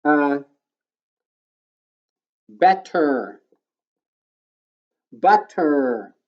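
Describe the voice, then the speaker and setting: A male elementary school teacher giving a recorded phonics lesson to children, patiently explaining step by step and sounding words out slowly. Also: on the high side, lively intonation, lo-fi sound.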